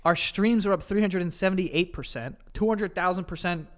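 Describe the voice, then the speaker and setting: A man with a fairly high voice trades banter as co-host of a podcast. He is loose and profane and breaks into laughter often. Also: normal speed. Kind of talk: casual chat.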